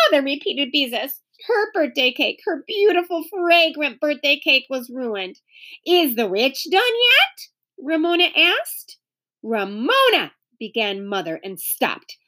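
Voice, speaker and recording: A woman reading a children's chapter book aloud as a teacher, pausing to explain words to young listeners. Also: a little high. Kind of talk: read-aloud storytelling with explanations.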